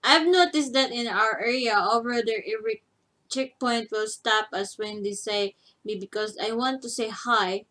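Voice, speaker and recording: Filipina lady reading out comments on a live stream, kinda high voice, stops to hunt for words. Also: normal speed, fairly bright tone. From Philippines. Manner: reads comments aloud, searches for English words. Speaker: co-host reading viewer comments. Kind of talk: casual live-stream chat.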